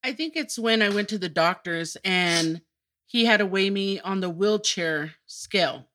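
A woman's voice: medium pitch, measured pace, fairly bright tone. A middle-aged woman, a podcast guest, telling her personal story candidly and openly, with bursts of laughter. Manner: open and emotional, breaks into laughter.

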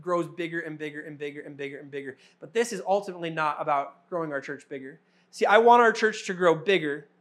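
A man's voice: fairly high pitch, a bit bright. A man in his thirties, a pastor, preaching a sermon with earnest, repetitive cadence.

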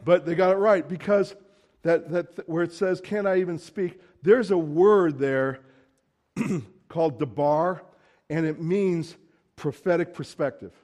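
A man's voice: a little high, darkish tone. A man preaching a sermon in a conversational, emphatic way, acting out quoted lines.

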